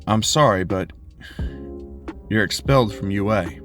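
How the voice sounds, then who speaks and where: A man's voice: fairly low pitch, measured pace, a bit bright, soft background music. A man doing a sorry, formal school principal. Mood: regretful. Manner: formal, apologetic. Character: apologetic male school principal.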